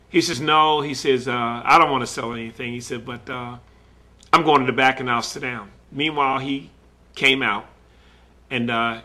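A man, a collector, slowly retelling a story in earnest with many quoted back-and-forth exchanges. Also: medium pitch, pushed and bright. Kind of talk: recorded personal storytelling.

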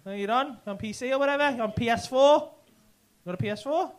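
A man's voice: extremely high pitch, a little fast. A man doing stand-up crowd work in a comedy club, teasing audience members with lots of swearing. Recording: live club with loud audience noise.

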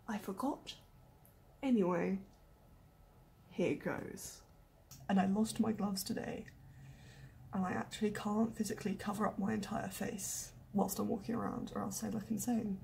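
A young woman chatting casually in a vlog, often dropping into a hushed whisper and joking at her own expense. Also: medium pitch, gravelly, slightly rough. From United Kingdom. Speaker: vlogger. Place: indoors in a small warm room, then outdoors in snow and wind. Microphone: handheld camera mic.

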